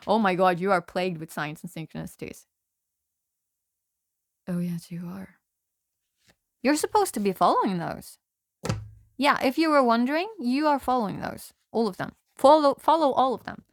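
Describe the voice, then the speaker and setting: A woman's voice: fairly high pitch, no echo, clean studio sound. A woman from Norway, a tarot reader, telling a tale in rambling casual chat, laughing often and breaking off her own sentences.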